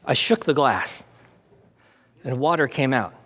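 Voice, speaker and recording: A man's voice: mid-range voice, expressive, measured pace, fairly bright tone, in a large hall. A man preaching a conversational sermon as pastor, with demonstrations.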